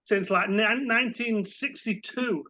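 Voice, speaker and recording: A middle-aged English man with an English accent and a high, bright voice tells lively stories and acts out the people in them. The recording sounds dull and lo-fi. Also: measured pace. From England. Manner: animated anecdotes, acting out quoted voices. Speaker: guest. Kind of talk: casual storytelling.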